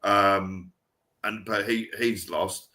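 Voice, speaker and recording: Chatty man with a bright voice. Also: on the low side, steady tone, slow pace. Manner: rambling, chatty, with restarts. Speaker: podcast co-host. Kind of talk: casual chat.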